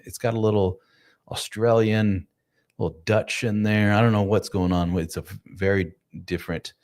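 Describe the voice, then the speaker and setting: With a low, slightly mellow voice, a men's coach runs a relaxed live stream from a room in his home. He chats loosely with his viewers and pokes fun at himself.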